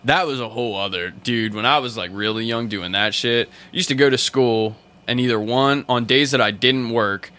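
A man's voice: medium pitch, moderate pace, pushed and bright, clean tone. Profane man telling wild stories. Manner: profane storyteller, voice jumps up when quoting people. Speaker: podcast co-host. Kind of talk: casual podcast chat.

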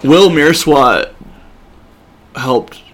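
A man's voice: on the high side, drawn-out words. A man hosting a podcast, joking and laughing often while he asks questions. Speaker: podcast host. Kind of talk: casual interview chat. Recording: loud background noise.

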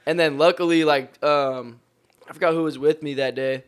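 A man's voice: on the high side, fairly even intonation, moderate pace, clean tone. A man, a jet ski tour guide chatting in a laid-back, slangy way. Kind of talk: casual podcast chat.

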